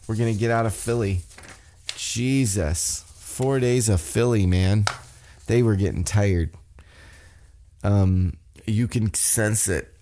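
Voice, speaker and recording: Rambling man with a low, dark voice. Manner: rambling, loses track of notes, acts out wrestlers' lines in a raised voice. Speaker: podcast host. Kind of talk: casual wrestling recap.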